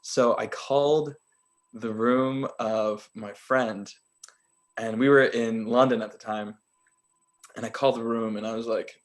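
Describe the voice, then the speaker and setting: A man co-hosting a podcast who tells a story in a casual, animated way and laughs often. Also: medium pitch, a little slow. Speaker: podcast co-host.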